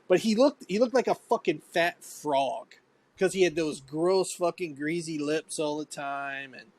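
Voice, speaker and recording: A man's voice: on the high side, a little slow, a little mellow. A man from Ohio co-hosting a podcast, recalling old times bluntly and profanely, rambling as he goes. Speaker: podcast co-host. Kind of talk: casual chat.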